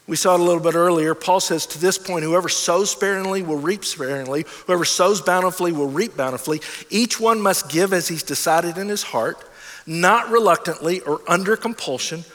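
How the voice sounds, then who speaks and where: A man's voice: high voice, fairly bright tone, long reverb tail. A man preaching a sermon in a conversational way, often acting out the voices of imagined listeners. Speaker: pastor.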